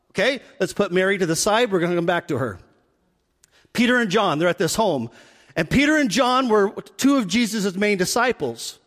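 Man, pastor, high voice, animated storytelling sermon, long hall reverb.

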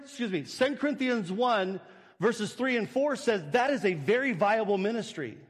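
A man's voice: high-pitched, long reverb tail. A male pastor preaching a sermon, walking through a scripture passage with rhetorical questions and acted-out scenes.

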